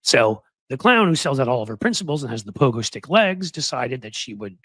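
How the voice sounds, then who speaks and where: A man hosting political commentary in a sarcastic, mocking, animated way. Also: mid-range voice, fairly quick, dry recording.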